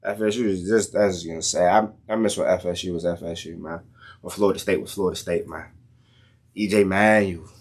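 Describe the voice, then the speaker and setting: A man's voice: sits low, a little fast, slightly rough. A young man talking casually and ranting about college football in loose slang, his voice jumping up in heated outbursts. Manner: animated, slangy, rants with rising outbursts. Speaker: sports commentator vlogger. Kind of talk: casual sports rant.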